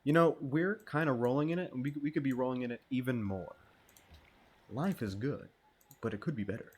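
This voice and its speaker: A man's voice: mid-range voice, brisk, darkish tone, breathy edge. A man giving casual, rambling gameplay commentary, joking and swearing as he plays. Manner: laid-back, rambling and joking, with frequent swearing. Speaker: gamer.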